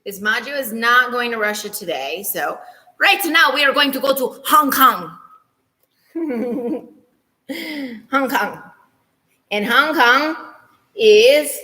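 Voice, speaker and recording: Playful bright-voiced woman teacher. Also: fairly high pitch, long reverb tail. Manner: playful, self-teasing, hums and sings little transition tunes. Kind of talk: online morning meeting lesson for children.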